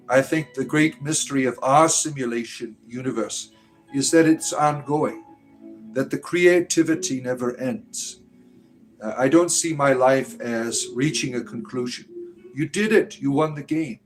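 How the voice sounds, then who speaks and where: A man's voice: medium pitch, low-quality recording. Rambling man chatting on a livestream. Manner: rambling, answers chat questions with frequent "right?". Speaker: livestream host answering chat. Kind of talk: casual livestream chat.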